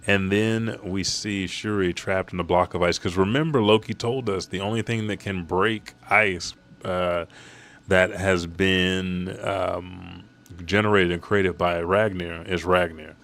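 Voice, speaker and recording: Brief: Male channel host, deep voice, excitable and profane, recapping a comic chapter out loud. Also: unhurried. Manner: excited, swears freely, talks to the characters. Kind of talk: casual recap narration.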